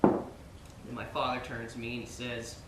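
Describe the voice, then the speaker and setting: A man's voice: mid-range voice, monotone, measured pace, slight background noise, lightly acted. An actor in his thirties playing a frustrated, hurt gay man on stage, speaking with tense agitation. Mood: bitter. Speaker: visitor. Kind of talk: stage play acting. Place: theater stage. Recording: echoey stage, from far off, faint ambience.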